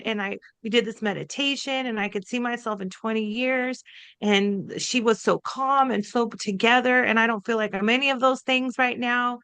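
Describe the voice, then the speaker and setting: A woman's voice: a little high, normal speed, clear, resonant tone, no echo. Chatty woman telling a story. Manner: chatty and animated, quotes herself and others in lively voices. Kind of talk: casual conversational storytelling.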